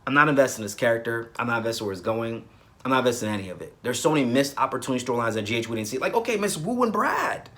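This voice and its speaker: A man with a mid-range voice hosts a casual review of soap operas. He speaks in an animated, emphatic way and often repeats himself to drive his points home. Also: mid-range voice.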